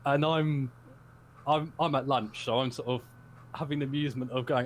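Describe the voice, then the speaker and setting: A man's voice: medium pitch, a little fast. Man, casual storyteller, rambling and giggly; faint hum behind. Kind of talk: casual chat.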